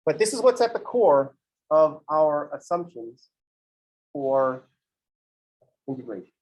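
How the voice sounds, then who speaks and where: A man's voice: a little high, big pitch swings, slow pace, darkish tone, rough recording. A man teaching a math class in a conversational lecture style, with playful digressions.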